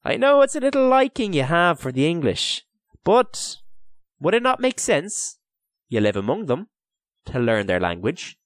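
A man's voice: on the high side, huge pitch swings, a little slow, dry recording, clean studio sound, voice pushed up. A man voicing a kindly, patient older official with a lilt, earnest and sorrowful as he pleads. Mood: coaxing. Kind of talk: audiobook character voice.

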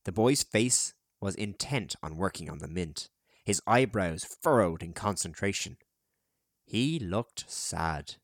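A man narrating a children's adventure audiobook in a measured, expressive storytelling manner. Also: deep voice, no room sound, clean studio sound. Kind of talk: scripted narration.

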